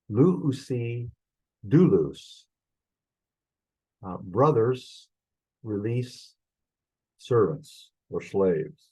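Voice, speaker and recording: A man with a low, husky voice leads a recorded Greek class. He pauses and restarts as he works things out aloud, then slows right down to say each Greek word carefully. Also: mellow, rough recording. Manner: halting, thinking aloud while fumbling with screen sharing; spells out Greek words slowly and deliberately. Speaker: Greek instructor. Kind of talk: recorded online lesson.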